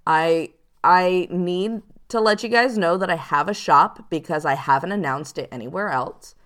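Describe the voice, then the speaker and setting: A woman giving casual advice to viewers as a psychic show host, chatty and animated, now and then acting out the people she warns about. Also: lowish voice, normal speed. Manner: chatty, animated, acts out quoted hustlers.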